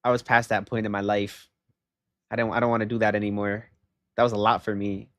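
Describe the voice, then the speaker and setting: A young man livestreaming, telling a story in animated, rambling casual chat, often saying "bro" and "okay?". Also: on the low side, brisk, no echo, studio quality.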